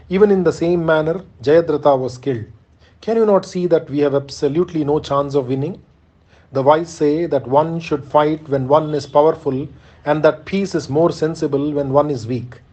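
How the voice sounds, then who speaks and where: An old, grieving warrior-teacher, read by a man in an audiobook of an epic, imploring his king with earnest urgency. The voice sits slightly high and mellow, heard through a dull, lo-fi recording. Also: close to an everyday voice.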